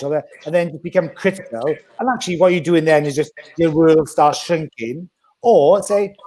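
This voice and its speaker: A man's voice: a little high, fairly quick. A man talking bluntly and energetically in a casual podcast chat. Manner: blunt, animated, acts out quoted voices.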